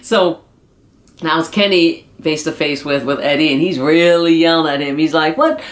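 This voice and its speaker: A chatty YouTuber retells a wrestling episode in a loose, unscripted way, full of fillers and restarts. The voice sits in a middle pitch, and the delivery stays casual throughout. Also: steady tone, moderate pace. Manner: chatty, many fillers and restarts, often laughing. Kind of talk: casual spoken recap.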